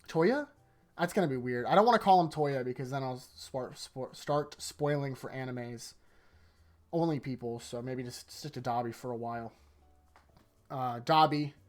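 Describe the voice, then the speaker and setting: A YouTuber giving a casual, rambling manga chapter review late at night, tired, leaning on "like" a lot and often trailing off into a quieter voice. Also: medium pitch. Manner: rambling, heavy use of "like", sentences often trailing off softer. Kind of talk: casual video commentary.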